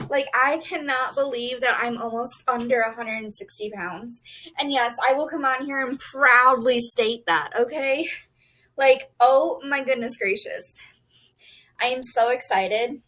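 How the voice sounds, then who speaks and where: Young woman, bright, high voice, bubbly casual vlog chatter. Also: a little slow, rough recording. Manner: bubbly, excitable, lots of "like" and "um". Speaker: book vlogger. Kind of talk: casual chat to camera.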